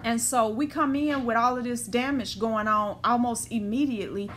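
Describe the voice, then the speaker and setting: A woman's voice: a little high, fairly even intonation, slight background noise. Blunt, emphatic woman spiritual teacher. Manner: blunt and emphatic, swears freely; softens into slow guided visualization. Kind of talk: spoken ritual talk.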